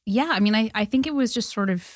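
A woman's voice: fairly high pitch, fast, no echo. Chatty woman, dry studio sound. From Canada. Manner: chatty, laughs often, lots of "like" fillers. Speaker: filmmaker guest. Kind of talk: casual interview chat.

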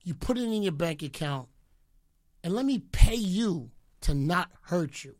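Slow, taunting, mock-pleading man. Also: high-pitched, animated, a little mellow, dry recording, studio quality. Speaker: radio DJ. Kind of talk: ranting commentary.

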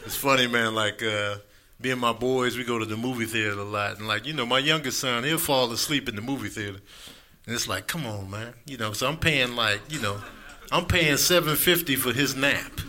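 A man's voice: medium pitch, brisk, sharp tone. A man in his thirties doing a stand-up comedy set, acting out characters in raised voices.

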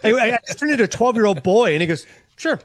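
A sports radio host telling an excited, self-mocking story and acting out each exchange in quoted voices. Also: male voice, high-pitched, no room sound. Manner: fast, excitable, self-mocking, acts out dialogue. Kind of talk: animated storytelling on a talk show.

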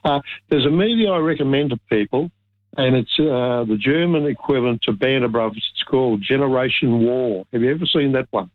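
A man's voice: mid-range voice, brisk, no echo. A man calling a radio show, hesitant but opinionated as he talks. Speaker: caller. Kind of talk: radio call-in. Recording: dry tinny phone line.

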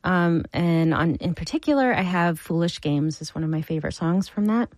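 A woman's voice: on the low side, moderate pace, no echo, rough recording. Earnest woman in her forties, interviewed. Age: 40s. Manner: earnest, lively. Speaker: guest musician.

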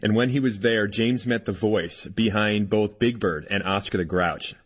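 Low-voiced male radio host. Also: steady tone, normal speed, husky. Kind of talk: scripted radio narration. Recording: muffled, with music under.

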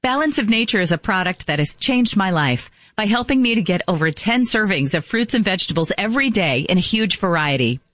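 A woman's voice: mid-range voice, expressive, fairly quick, hardly any pauses, fairly bright tone, no room sound, studio quality. A woman hosting a sponsored talk program, speaking in an enthusiastic, promotional way. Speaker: host. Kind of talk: scripted talk-show host.

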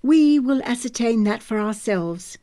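A woman's voice: a little high, lively intonation, a little slow, mellow. A woman voicing a young male army lieutenant who questions a prisoner in a formal, clipped, suspicious way. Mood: stern.

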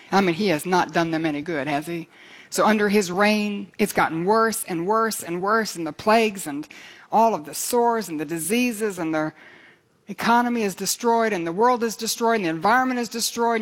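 An older woman preaching a sermon with earnest fervor, her voice climbing when she reads scripture aloud. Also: medium pitch. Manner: earnest, fervent, rises for scripture readings.

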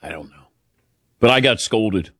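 A man hosts a casual talk show in a dry, close studio sound, his pitch swinging widely as he tells stories. He laughs often and acts out the people in his anecdotes. His delivery stays chatty and relaxed. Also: moderate pace, no room sound. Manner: storytelling, animated, laughs often. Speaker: sports talk show host. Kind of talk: casual radio show chat.

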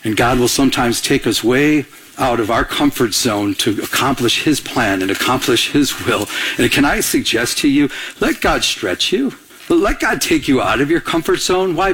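Man, middle-aged, pastor, husky voice, slightly high, lively storytelling sermon. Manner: animated storytelling, acts out voices.

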